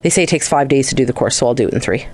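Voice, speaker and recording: A woman's voice: a bass voice, rapid-fire, a little mellow, no room sound, clean studio sound. A young adult woman, co-hosting a casual podcast chat, rambling through stories and swearing freely. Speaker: podcast co-host.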